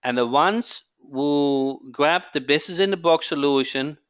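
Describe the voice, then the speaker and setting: A man hosting a live webinar sales pitch, who keeps asking "okay?" and repeats his phrases. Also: unhurried, a bit bright, clear, resonant tone, highs cut off. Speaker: webinar host.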